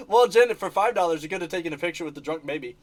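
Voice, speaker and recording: A man hosting a casual livestream, telling animated stories and laughing between sentences. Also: high-pitched, a little fast. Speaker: channel host reacting to live chat. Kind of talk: casual livestream chat showing trip photos.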